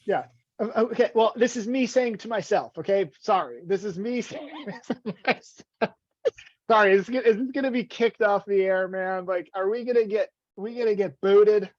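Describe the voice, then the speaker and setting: A man's voice: sits high, normal speed, dry recording. A man in his forties, a guest in a casual podcast conversation, talks in a rambling, self-deprecating way with many stammered restarts. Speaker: guest, vitality coach. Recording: dull, dry, lo-fi audio.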